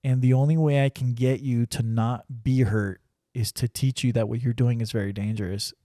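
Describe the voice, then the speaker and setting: A man's voice: medium pitch, steady tone, moderate pace, dark tone, no room sound, clean studio sound. A man sharing a personal faith story in casual conversation, earnest and full of restarts. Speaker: ranch crew member sharing testimony.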